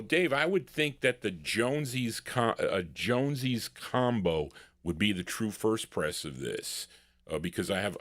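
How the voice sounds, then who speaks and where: A man with a fairly low voice hosts a live record show, rambling casually between songs. He thinks aloud while reading out listener requests. His voice sounds dry and close, with little room around it. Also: a bit bright, no room sound. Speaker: radio-style show host playing records.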